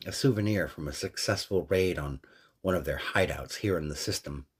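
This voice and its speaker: Man voicing a calm, wry middle-aged woman. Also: deep voice, slightly rough. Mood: gentle. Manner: gentle, measured, quietly defiant. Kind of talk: fan story reading.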